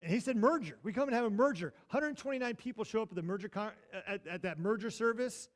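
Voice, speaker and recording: High-voiced pastor telling a lively story. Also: male voice, fast. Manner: animated, swings from loud to hushed. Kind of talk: sermon storytelling. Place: church sanctuary.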